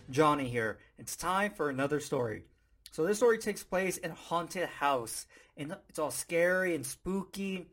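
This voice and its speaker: A man hosting a podcast, teaching in a casual, playful way and telling an animated story with frequent chuckles. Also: a little high, measured pace, faint music behind. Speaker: podcast host.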